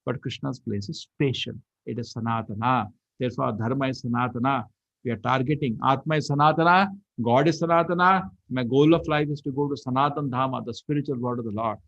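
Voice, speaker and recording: A man giving a lively scripture lecture as a temple preacher, telling stories animatedly. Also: mid-range voice, a little fast, dry recording. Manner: animated storyteller, acts out quotes. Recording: dull lo-fi recording.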